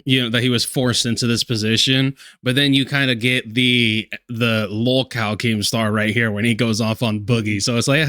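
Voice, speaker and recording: A man hosting a casual commentary chat, relaxed and prone to restarts. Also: mid-range voice, normal speed, hardly any pauses, no echo, studio quality.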